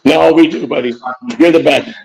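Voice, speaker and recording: A man's voice: a little high, moderate pace, gravelly, low-quality recording. An older man and grandfather co-hosting a casual morning chat show, rambling and joking with many restarts. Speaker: co-host.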